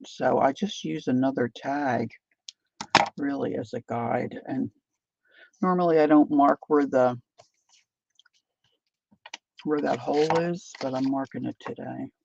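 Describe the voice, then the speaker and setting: A chatty woman with a gravelly, creaky voice, talking casually while she crafts at home. Her words ramble along, and the lo-fi stream audio sounds a little dull. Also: extremely low pitch, unhurried, pauses often, background noise. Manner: chatty, rambling, talks while eating and working. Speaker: craft channel host.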